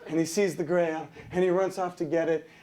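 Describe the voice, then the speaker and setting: A man pitching a storyboard scene, animated and laughing as he acts out voices and sound effects. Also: a little fast.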